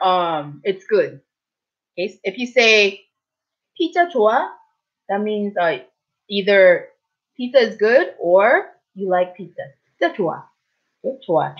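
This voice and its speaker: A woman in her thirties giving a casual spoken lesson as a language teacher, patiently repeating words slowly and checking in often. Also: mid-range voice. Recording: dull, muffled lo-fi audio.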